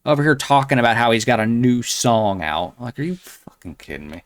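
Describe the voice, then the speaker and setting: A man's voice: medium pitch, big pitch swings, a little fast, no room sound. A man hosting a commentary show, crudely mocking a video with a rambling, sneering delivery full of fillers. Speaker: commentary host.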